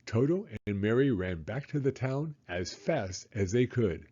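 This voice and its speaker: Expressive man reading a storybook aloud. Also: mid-range voice, a little slow, slightly rough, lo-fi sound. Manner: expressive, dramatic. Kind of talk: children's storybook read-aloud.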